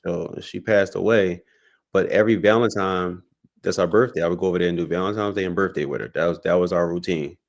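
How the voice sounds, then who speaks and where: A man's voice: sits low, quick pace, gravelly. A man talking as a podcast guest, telling a personal story in a reflective way with many restarts. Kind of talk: casual conversation.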